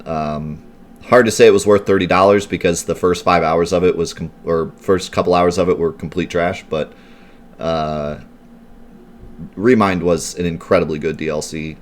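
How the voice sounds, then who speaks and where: His voice is low-pitched with fairly even intonation and a normal speed. Streaming a video game live as a let's play streamer, he chats and rambles through viewer questions, using plenty of "like" and "um" in his gameplay commentary.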